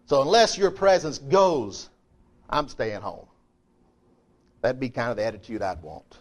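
A middle-aged man preaching a sermon in a folksy, emphatic way, swinging between loud declarations and quiet asides. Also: mid-range voice, expressive, unhurried.

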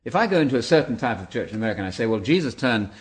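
A man's voice: medium pitch, big pitch swings, very fast. Older English man, guest speaker, wry storyteller with audience asides. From England.

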